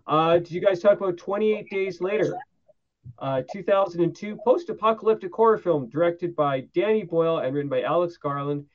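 A man's voice: high-pitched, brisk, muffled recording. A man in casual podcast chat, recapping films with eager, rambling enthusiasm and many fillers.

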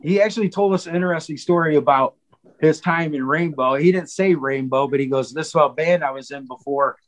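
A man's voice: a little high, fairly quick, rough recording. A man telling stories in a casual podcast chat, rambling with many fillers and quoted asides. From Cleveland, Ohio. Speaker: guest drummer.

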